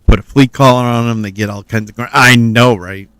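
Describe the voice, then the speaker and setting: A playful man in the middle of a casual game stream, chatty and joking. His voice sits at an average pitch. The sound is dry and close, with no room around it. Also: fairly even intonation, fairly quick, a bit bright, clear, resonant tone, no echo. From Cincinnati, US Midwest. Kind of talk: casual gaming commentary.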